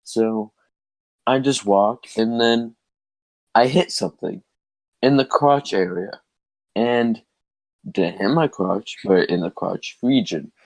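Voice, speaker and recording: A young man co-hosting a podcast, telling his side of a story in a slow, rambling, laid-back way. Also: fairly low pitch, vocal fry, no echo. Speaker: podcast co-host. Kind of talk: casual storytelling chat. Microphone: headset.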